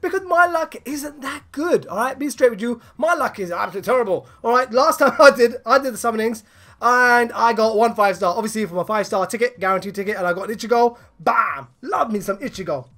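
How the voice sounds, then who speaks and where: A man co-hosting a gaming channel, giving excited commentary while summoning in a mobile game, hyped and shouting when thrilled. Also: very high-pitched, fairly quick.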